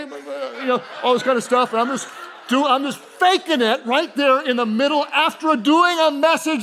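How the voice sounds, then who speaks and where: A middle-aged man, a pastor, preaching a sermon to a church congregation with animated storytelling and humorous asides. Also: very high-pitched, brisk, slight background noise. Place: church auditorium with a live congregation.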